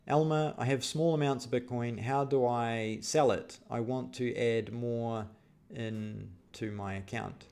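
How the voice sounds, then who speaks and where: A man's voice: mid-range voice, steady tone, a little slow, creaky, darkish tone, clean tone. A man hosting a live stream, reading out viewer questions and answering them in a casual, rambling way with many fillers. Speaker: vlog host answering live chat.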